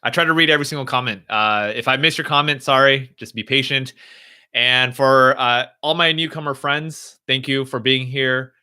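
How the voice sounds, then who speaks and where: A young man answering viewers' questions on a live stream, speaking gently and reassuringly, thinking aloud as he goes. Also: medium pitch, steady tone, moderate pace, clean tone.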